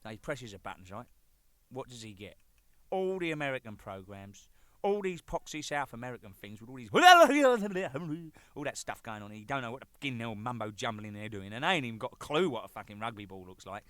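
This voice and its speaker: A man's voice: medium pitch, sing-song, moderate pace, pushed and bright, no room sound, clean studio sound. A man in his thirties telling cheeky, rambling anecdotes as a band drummer, with lots of swearing. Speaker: band drummer presenting a record. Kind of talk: jokey rambling monologue.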